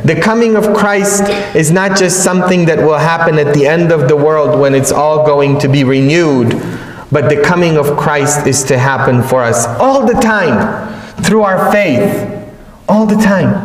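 A man preaching a sermon as a priest, telling stories with joking asides in a slow homily style. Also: on the high side. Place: large church. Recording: echoey church from a distance.

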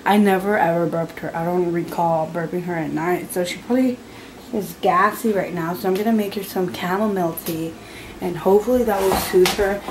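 A woman's voice: lowish voice, brisk, background noise. A young woman talking casually to camera about her day at home, chatty, at times cooing to a fussy baby. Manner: chatty, soothing baby in a sing-song voice. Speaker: vlogger, mother. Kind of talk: casual family vlog talk to camera.

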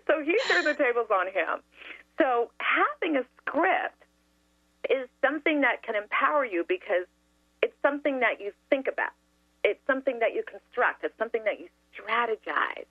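A woman tells a story on a talk radio show, and her pitch leaps up and down as she goes. She comes through a thin, tinny phone line, and the sound is dry with no room in it. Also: moderate pace, husky, no room sound. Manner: lively storyteller, laughs often. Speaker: guest.

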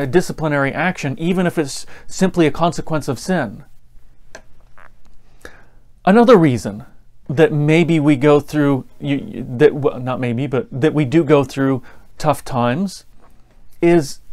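A man with a high, light voice preaching a sermon. He keeps it conversational, laughing now and then and acting out the people in his stories. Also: darkish tone. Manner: conversational, with laughter and acted-out anecdotes.

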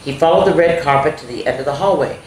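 A woman reading a spooky children's story aloud, expressive, with gasps and little asides to young listeners. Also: sits low, fast, slight background noise. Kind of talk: reading a spooky picture book aloud to kids. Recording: roomy echo.

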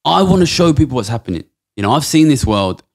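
A man's voice: medium pitch, big pitch swings, quick pace, creaky, a little mellow. A man in his thirties from England, a podcast guest talking bluntly and passionately, swearing a lot. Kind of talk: casual interview talk.

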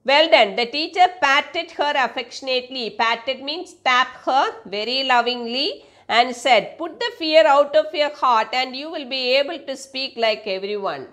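A woman with a Malayali accent teaching an English story lesson, reading the text slowly and explaining it with fillers and self-corrections. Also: sits high, a bit bright.

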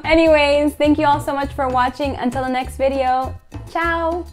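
Slightly hoarse, giggly woman cooking at home. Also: high-pitched, moderate pace, faint music behind. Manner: bubbly and giggly. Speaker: cooking vlogger. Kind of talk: casual cooking video chat. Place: home kitchen.

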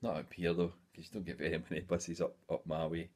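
A man's voice: sits low, flat delivery, fast talker, darkish tone. A Scottish man in his forties chatting casually in a hobby vlog, rambling along with lots of "eh" fillers. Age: 40s. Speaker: hobby YouTuber.

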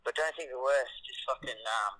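A man's voice: mid-range voice, a little fast, pushed and bright. A man on a phone call who talks hesitantly and tries to reassure his friend. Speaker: caller. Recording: tinny phone line.

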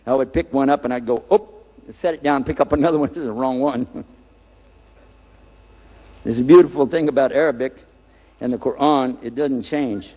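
An older man preaching a lecture, animated, putting questions to the audience and repeating key words. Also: mid-range voice, moderate pace, long pauses, breathy edge, in a large hall, muffled recording. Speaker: Islamic preacher.

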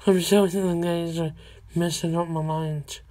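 A woman hosting her own channel in casual video chat, talking in halting, stop-start phrases. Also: lowish voice, flat delivery, dark tone. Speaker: channel host.

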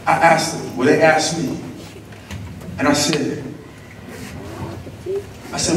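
A middle-aged man from California giving an energetic, slangy motivational speech at a school assembly, calling back and forth with the audience. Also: fairly high pitch, slow pace, pauses often. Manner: energetic, slangy, call-and-response with the crowd. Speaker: motivational speaker. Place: large echoey school auditorium. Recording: very echoey hall, distant mic, noisy.

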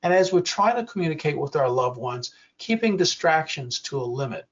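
An older man leads a workshop, speaking slowly and deliberately in a somewhat high voice. He breaks into little acted quotes to show his points. The audio is dull and lo-fi. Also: very animated, far from the mic. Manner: slow, deliberate, acts out quoted examples. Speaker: workshop presenter. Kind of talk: educational workshop talk.

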